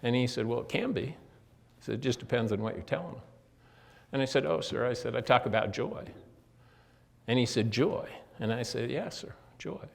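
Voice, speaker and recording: A man's voice: medium pitch, a little fast, creaky, pauses often. Older man telling folksy recovery stories. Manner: folksy storytelling, acts out quoted dialogue; direct address to listeners. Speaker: guest speaker. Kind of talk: motivational talk to inmates. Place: prison meeting room.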